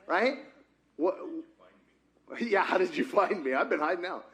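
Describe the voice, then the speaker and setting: Man, pastor, high voice, animated interactive sermon, acts out dialogues. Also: moderate pace. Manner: animated, talks with the congregation, acts out dialogues with God.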